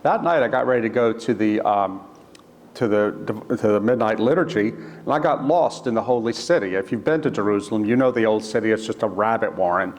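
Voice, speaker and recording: A man, an author, telling a personal story in an earnest, halting way, restarting phrases and quoting other people. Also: lowish voice, slight background noise. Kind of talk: storytelling talk. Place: church. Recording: long church reverb.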